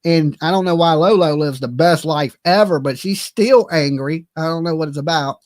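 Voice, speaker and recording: Male commentary host, high voice, profane and mocking, dry sound. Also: normal speed, a little mellow, no echo. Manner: mocking, profane, laughing often. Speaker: commentary streamer. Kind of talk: casual reaction commentary.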